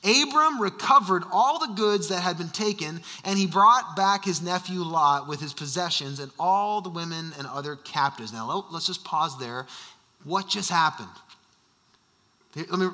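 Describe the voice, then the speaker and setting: Brief: emphatic male senior pastor, high and sharp-toned, reverberant sanctuary. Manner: emphatic, repeats rhetorical questions. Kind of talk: sermon.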